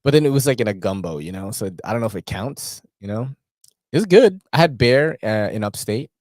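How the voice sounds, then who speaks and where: A man hosts a loose, casual chat, his voice sitting a little low. He talks in slang, swears freely and leans on fillers. The sound is dry and close to the mic. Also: animated, brisk, a little mellow, dry recording. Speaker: host.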